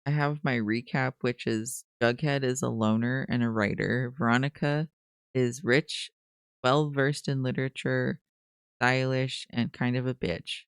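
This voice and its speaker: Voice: mid-range voice, fairly even intonation, measured pace, smooth, no room sound. A podcast co-host in casual chat, giving dry, blunt one-word summaries of characters.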